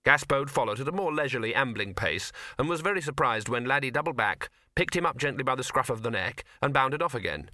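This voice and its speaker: A man's voice: medium pitch, lively intonation, fast, hardly any pauses, pushed and bright. A man narrating a comic fantasy audiobook in a dry storytelling manner. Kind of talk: scripted narration.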